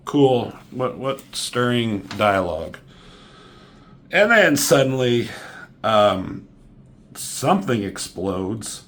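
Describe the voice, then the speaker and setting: A man's voice: medium pitch, lively intonation, slow, long pauses, fairly bright tone. Sarcastic, profane man reviewing a comic. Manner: sarcastic, profane, mocking impressions of characters. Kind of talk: casual spoken review.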